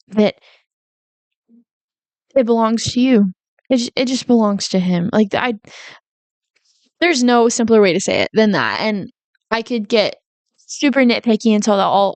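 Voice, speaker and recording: A woman's voice: on the high side, darkish tone, clear, resonant tone, no room sound. A young woman in her twenties hosting a heartfelt, faith-based podcast monologue, talking earnestly with fillers and repeats. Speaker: podcast host.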